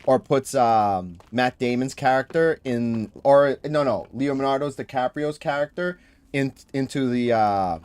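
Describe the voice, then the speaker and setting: A man with a Boston accent hosting a gaming livestream, chatting in an animated, joking way. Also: medium pitch, unhurried, clear, resonant tone. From Boston area. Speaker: livestream host. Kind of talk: casual chat.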